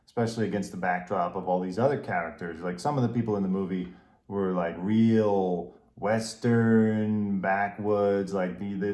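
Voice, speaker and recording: A man's voice: lowish voice, mellow. A man co-hosting a casual film review podcast, talking in an opinionated, rambling and jokey way. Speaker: podcast co-host. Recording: roomy echo.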